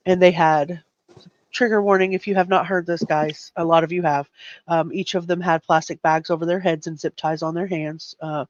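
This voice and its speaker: A man's voice: on the high side, fairly even intonation, normal speed, lo-fi sound. A man hosting a live true crime chat, earnest and emotionally shaken, often stumbling over his words. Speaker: host.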